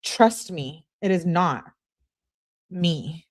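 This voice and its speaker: A woman's voice: lowish voice, very slow. A woman reading aloud the text messages of a pushy young woman to her boyfriend, in a demanding tone, with curse words spelled out as letters.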